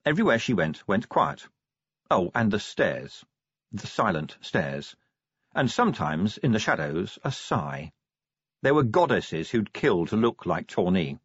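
Husky, wry male audiobook narrator. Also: lowish voice, very animated, unhurried, no echo, dull audio. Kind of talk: scripted comic narration.

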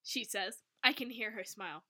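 A young woman co-hosting a podcast, reading a fan fiction aloud with lots of laughter and over-the-top excitement. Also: mid-range voice, moderate pace. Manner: animated, laughs often, reads story lines with exaggerated excitement. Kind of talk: casual chat and dramatic reading.

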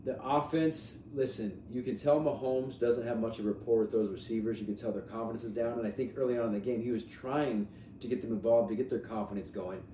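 A man hosts a casual sports podcast. He chats in a lively, rambling way and repeats himself for emphasis. His voice sounds roomy and a little distant, with a faint hiss behind it. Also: mid-range voice, brisk. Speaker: podcast host. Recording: echoey room, mic at a distance, faint noise.

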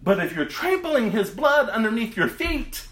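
A man preaching a sermon to his congregation, impassioned and dramatic, dropping to a hush and then rising to a loud cry. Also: extremely high pitch, sing-song, moderate pace, roomy sound. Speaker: pastor.

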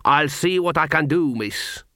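A roguish dwarf who boasts in a slow, sly drawl, as a man puts him on. The recording is close and dry, with nothing behind the voice. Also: on the high side, pushed and bright, dry recording, pitched above the performer's own voice. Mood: boastful.

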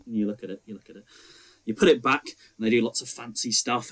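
A man's voice: medium pitch, expressive, very fast, creaky, a bit bright. A young man co-hosting a casual film debate podcast, who acts out scenes in mocking voices. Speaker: podcast co-host.

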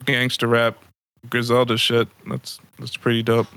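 A man's voice: mid-range voice, monotone, a little slow, fairly bright tone, clean tone, no room sound. A man co-hosting a casual comedy podcast, laughing often and swearing freely as he retells stories. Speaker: podcast co-host.

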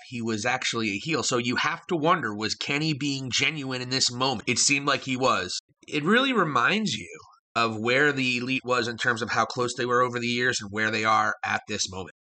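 A man hosting a casual wrestling recap, excitable and swearing casually. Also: medium pitch.

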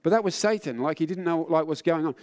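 A tired man preaching a sermon, telling a personal story with rising fervor and then turning low and solemn. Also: fast talker, darkish tone. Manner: earnest, builds in intensity then drops low and solemn.

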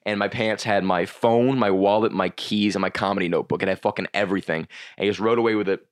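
On a podcast, a young comedian talks in a lowish voice with fairly even intonation. He's casual and meandering, stopping and restarting often and cursing a lot.

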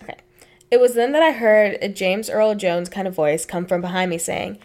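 A woman's voice: mid-range voice, moderate pace, darkish tone. A young woman co-hosting a podcast, reading stories aloud and chatting in a blunt, matter-of-fact way with casual swearing. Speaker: podcast co-host.

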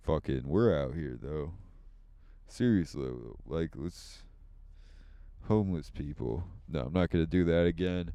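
A man's voice: very deep voice, lively intonation, a little slow, mellow, smooth, no echo. A young man co-hosting a podcast from a parked car, chatting loosely and crudely with lots of laughing. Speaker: podcast co-host. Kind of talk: casual chat. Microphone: handheld podcast mic.

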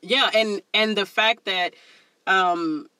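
A man co-hosting a casual chat, telling school stories in an animated, slangy way and laughing often. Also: high-pitched, slow pace, clear, resonant tone, no room sound, rough recording. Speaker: school staff member and podcast co-host.

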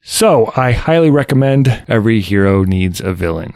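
A man hosting a casual podcast about hip hop albums, talking in a relaxed, reflective way. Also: fairly low pitch, moderate pace, loud music behind the voice. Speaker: podcast host. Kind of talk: casual music discussion.

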